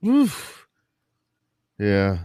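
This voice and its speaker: A man's voice: on the low side, wildly swooping pitch, extremely slow, warm tone, clear, resonant tone, dry recording, clean studio sound. A man co-hosting a casual crossword chat, laid-back with short chuckling replies.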